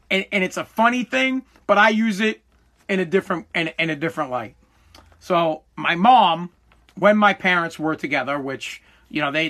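Bright-voiced man in his forties. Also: sits high. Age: 40s. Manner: emphatic, profane, repeats words as he restarts. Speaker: podcast host. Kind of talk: motivational monologue.

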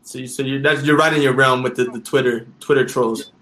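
A man's voice: mid-range voice, steady tone, brisk, a bit bright. Laughing, slangy man hosting a call. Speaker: host. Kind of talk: casual chat.

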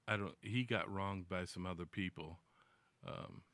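Deep-voiced man cutting in to correct. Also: a little slow, a bit bright. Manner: interrupts to correct others. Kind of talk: casual chat.

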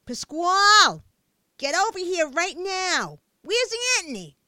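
A woman voicing a stern, tall mother who yells scolding commands at her son from down the block. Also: very high voice, sing-song, takes it slowly, dry recording, clean studio sound, pitched above the performer's own voice, exaggerated voice. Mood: yelling angrily.

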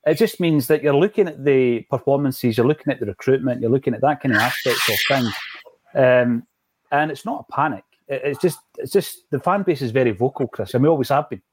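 A man's voice: mid-range voice, brisk, noisy background. A man with a Scottish accent hosting a football podcast in a chatty, teasing manner. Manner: chatty, teasing, frequent wee asides. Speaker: podcast host. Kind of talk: casual chat.

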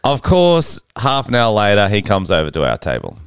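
An Australian man co-hosting a podcast, telling an anecdote in a lively, laughing way. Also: fairly low pitch, moderate pace, clear, resonant tone, no echo, studio quality. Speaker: podcast co-host. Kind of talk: casual chat, storytelling.

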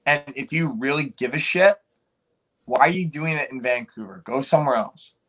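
A man's voice: mid-range voice, animated, normal speed, a bit bright. A man co-hosting a podcast, chatting casually and hesitantly, often restarting while searching for words. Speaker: podcast co-host.

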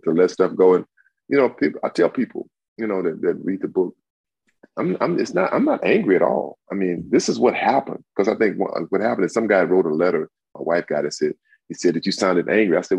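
A very deep, gravelly man in his sixties talks through a dull, lo-fi remote line. His speech swings widely in pitch as he tells stories, with a husky edge. The sound is dry, with no room behind him. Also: no room sound. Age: 60s. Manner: animated storyteller, acts out quotes in a high voice. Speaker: guest, retired football player. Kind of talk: casual interview.

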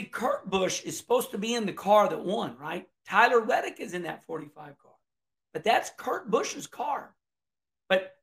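A middle-aged man with a drawl talks through a race in a loose, folksy ramble, often starting a phrase twice. His voice sits high for a man and carries a gravelly edge. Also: a bit bright. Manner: folksy, rambling, repeats words and restarts. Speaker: racing commentator. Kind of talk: casual video commentary.

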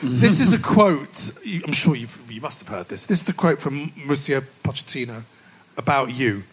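A man's voice: mid-range voice, animated, normal speed, slightly rough, low-quality recording. A male podcast host interviewing a guest at a live club show, chatty, jokey and enthusiastic as a fan. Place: live stage event at a club.

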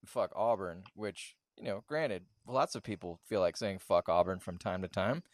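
A man co-hosting a comedic podcast, making dry, deadpan quips. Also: sits low, normal speed, dry recording. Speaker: podcast co-host.

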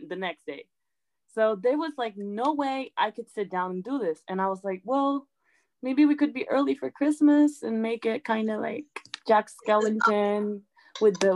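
A young woman as an interview guest, chatting in a lively way, acting out quotes and saying "like" a lot. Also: mid-range voice, poor audio. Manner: chatty, animated, acts out quotes, says "like" often. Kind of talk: casual storytelling.

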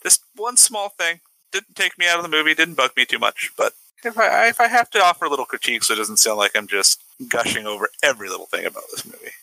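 A man's voice: fairly high pitch, sing-song, fast talker, creaky, pushed and bright, no echo, low-quality recording. A man around forty co-hosting a podcast, giving hesitant, wry opinions on a film. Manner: hesitant, many restarts, wry. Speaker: podcast co-host. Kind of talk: casual film discussion.

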